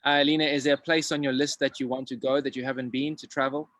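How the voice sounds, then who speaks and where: A man hosting a casual interview over a video call, putting quick rapid-fire questions to his guest. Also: medium pitch, flat delivery, fairly bright tone. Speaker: interview host.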